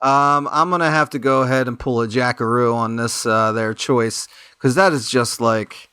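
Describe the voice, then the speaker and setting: A man's voice: mid-range voice, moderate pace, few pauses, clean tone, no echo, studio quality. A man on a comedy game show panel, riffing in long absurd jokes. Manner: joking, rambling, deadpan absurd riffs.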